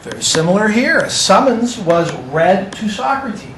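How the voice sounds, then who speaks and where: A man's voice: sits high, sing-song, moderate pace, a bit bright, recorded from a distance, a little hiss or hum. A man teaching a class, with a casual, joking lecture manner. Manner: casual, joking, talks to students. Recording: echoey classroom recorded from afar.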